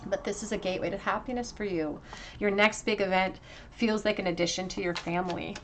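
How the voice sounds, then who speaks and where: A woman giving a tarot card reading to her viewers, earnest and emotional, often pausing with fillers and restarts. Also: medium pitch, fairly even intonation, a little hiss or hum. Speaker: tarot reader.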